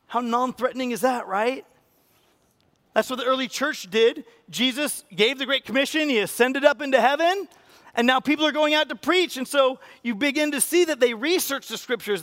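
High-voiced pastor preaching animatedly. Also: male voice. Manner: animated, acts out quoted voices with rising pitch and volume. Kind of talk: sermon.

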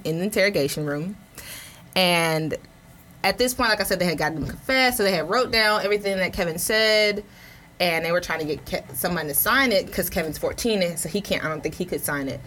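A woman co-hosting a casual discussion, telling a story in a lively way. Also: fairly low pitch, a little hiss or hum. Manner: animated storyteller. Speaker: podcast co-host.

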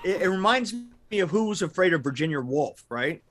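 Halting man with a high voice. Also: lively intonation, a bit bright. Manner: halting, repeats words as he gathers thoughts. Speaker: podcast co-host. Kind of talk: casual chat.

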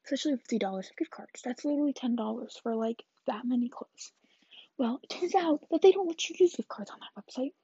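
A woman's voice: high voice, animated, quick pace, dark tone, breathy edge, no echo, highs cut off. An eighteen-year-old woman chatting through a rambling vlog story, often dropping into whispered asides. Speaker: vlogger.

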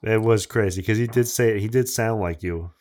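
A man's voice: lowish voice, moderate pace, darkish tone. A man hosting a podcast, chatting casually and joking with an old friend, swearing now and then. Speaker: podcast host. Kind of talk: casual chat.

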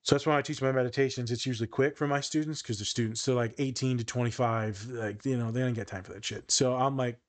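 A man's voice: medium pitch, fast, hardly any pauses. A young man co-hosting a podcast as a therapist and meditation teacher, joking and swearing freely in casual chat. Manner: animated, joking, swears freely, does voices when telling stories.

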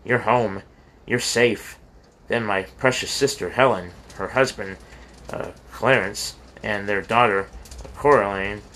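A man narrates a memoir in a low-pitched but bright, forward voice. His reading is earnest and heartfelt, with the odd slip and restart, like someone reading aloud at home rather than a polished studio pro. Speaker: audiobook reader.

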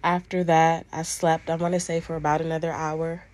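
A woman's voice: sits low, little pitch movement, normal speed, a little mellow. A young woman vlogger casually recounting a personal story, full of "um" and "I'm like" asides. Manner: conversational, frequent "um" and "I'm like" quoting.

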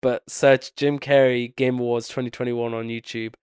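The young co-host has a bad cold and hasn't slept, so his voice comes out congested and nasal while he rambles through casual podcast talk and now and then loses his thread. It's a mid-range, flat, slightly mellow voice at normal speed, smooth and clear. The close, dry recording has no echo or room sound.

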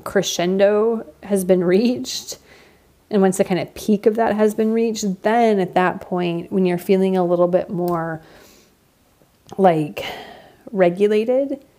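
A woman's voice: mid-range voice, mellow. A woman in her thirties hosting a podcast, talking candidly and reflectively in a casual monologue with lots of fillers. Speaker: podcast host.

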